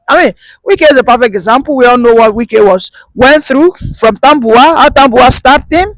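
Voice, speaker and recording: A woman holds forth in passionate political commentary. Her voice sits high and sounds dry and close. She drives her arguments home with rhetorical emphasis and repetition. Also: a bit bright, no echo, low-quality recording. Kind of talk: opinion commentary.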